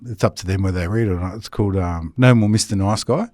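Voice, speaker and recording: A man's voice: low voice, fast talker, a little mellow, dry recording, studio quality. A man hosting a casual podcast conversation, blunt and swearing, who acts out other people's voices.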